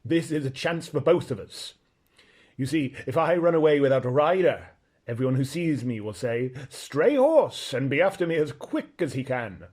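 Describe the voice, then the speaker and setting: A man reading aloud, voicing a proud and blunt talking male horse who lectures in a brisk, scornful way. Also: medium pitch, expressive, a little mellow, natural voice. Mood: persuasive.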